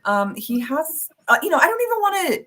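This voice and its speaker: A woman's voice: extremely high pitch, big pitch swings, brisk, fairly bright tone. A woman with a Canadian accent, hosting a talk show in a chatty, laughing way. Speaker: host. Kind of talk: casual chat.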